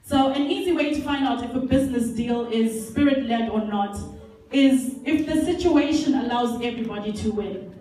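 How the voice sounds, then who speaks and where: A woman's voice: a little high, moderate pace, dark tone, a little hiss or hum. A woman conference speaker giving an earnest, emphatic motivational talk with Bible examples, repeating key phrases, heard from far off in an echoey hall with faint music. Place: large indoor leisure centre hall.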